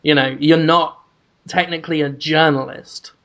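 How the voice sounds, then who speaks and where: A man's voice: fairly high pitch, steady tone, normal speed, fairly bright tone, muffled recording. A man co-hosting a podcast in casual chat, full of crude, joking banter and frequent restarts. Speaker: podcast co-host.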